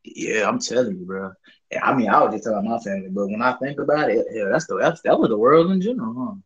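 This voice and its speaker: Young man, husky tone, laid-back and profane, casual storytelling host. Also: on the low side, fast, highs cut off. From Southern US. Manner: profane, laid-back, rambling with frequent fillers. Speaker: podcast co-host.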